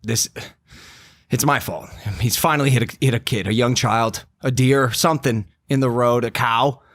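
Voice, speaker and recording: Young guy on a podcast telling a wild story, super animated, jumps way up when he does voices, mid pitch. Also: moderate pace, no echo, studio quality. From United States. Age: 20s. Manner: animated, acts out quotes in a raised voice. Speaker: podcast host. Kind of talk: casual storytelling chat.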